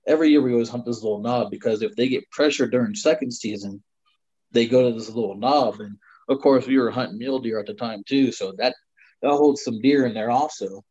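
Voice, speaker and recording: A man's voice: medium pitch, a little fast, mellow, slightly rough. Man rambling through a hunting tale. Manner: rambling, many "you know" fillers. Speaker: guest storyteller. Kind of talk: casual spoken hunting story. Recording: slightly dull lo-fi sound.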